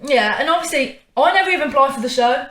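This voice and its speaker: A young woman co-hosting a casual podcast, chatty and quick to laugh. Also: high voice, animated, a bit bright. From England. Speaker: podcast co-host. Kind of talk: casual chat. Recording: echoey room.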